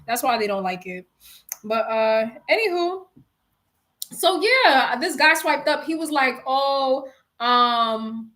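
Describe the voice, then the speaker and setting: A young woman from New York spins a casual storytime for her viewers, full of slang, swearing and asides to "y'all". Her voice sits high and rings bright and sharp. She talks loosely and animatedly, as if chatting with friends. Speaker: live-streaming storyteller.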